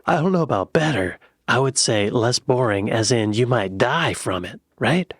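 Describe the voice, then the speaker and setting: American guy reacting to clips, husky voice, bouncy pitch, jokey, dry close sound. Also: animated, normal speed, no room sound. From United States. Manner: chatty, jokey, says y'all. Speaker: reaction video host. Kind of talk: casual reaction commentary.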